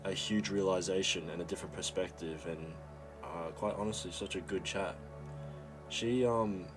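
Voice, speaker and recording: A young man telling a rambling, profane story as a vlogger, with mock stammers for comic effect. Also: fairly low pitch. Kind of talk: casual storytelling monologue. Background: background music.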